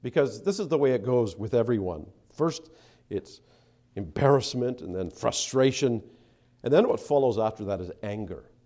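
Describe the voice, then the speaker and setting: A man preaching a sermon, acting out the speakers he quotes and dropping to soft asides between them. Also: medium pitch, animated, moderate pace. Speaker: pastor.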